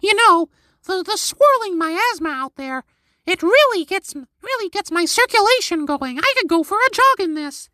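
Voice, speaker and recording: A man voicing a cheerful woman weather reporter who loves the heat, in a chipper falsetto. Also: sing-song, moderate pace, bright, forceful tone, no room sound, studio quality, full character voice. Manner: chipper and breezy.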